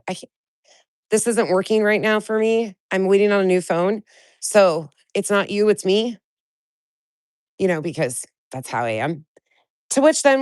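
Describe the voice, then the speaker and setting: Woman host, congested, blunt and profane live-stream talker, lowish voice, dry close sound. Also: no room sound. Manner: blunt, venting, swears freely; greets chat viewers by name. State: stuffy nose from a cold. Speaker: livestream host. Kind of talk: casual live-stream chat.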